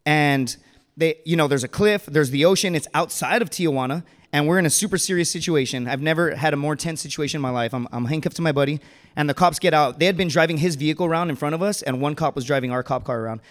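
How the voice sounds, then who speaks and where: A man on a comedy stage spins a long, rambling story in a fairly high voice, full of fillers and little laughs at himself. His voice rings out with a long hall reverb. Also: fast. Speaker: stand-up comedian. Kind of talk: stand-up storytelling.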